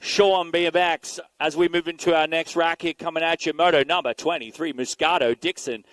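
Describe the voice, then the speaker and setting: High-voiced energetic man calling races. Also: no room sound. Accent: Canadian. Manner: rapid, energetic play-by-play calling riders and bike numbers. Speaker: race announcer. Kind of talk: live BMX race commentary. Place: outdoor BMX track.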